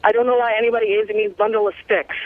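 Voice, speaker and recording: A woman's voice: medium pitch, little pitch movement, racing, no room sound. A woman calling in to a radio show, complaining in a rambling way. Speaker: caller. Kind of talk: call-in radio. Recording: tinny phone line.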